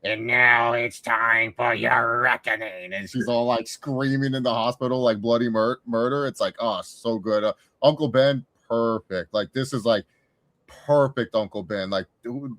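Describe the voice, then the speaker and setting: An excitable young man in a loose podcast chat. He talks with quick emotional swings and rambles from story to story. His voice sounds close and dry, with little room around it. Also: mid-range voice, no echo. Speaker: co-host, film reviewer.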